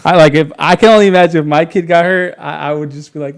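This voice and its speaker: Rambling man telling stories, slightly high voice. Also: quick pace, clear, resonant tone. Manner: rambling, many fillers and restarts, laughs through stories. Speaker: podcast guest. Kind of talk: casual storytelling.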